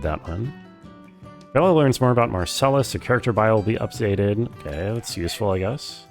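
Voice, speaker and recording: Wry low-voiced man streaming a game. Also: expressive, brisk, faint music behind. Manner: chatty, wry, thinks aloud. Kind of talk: casual gameplay commentary.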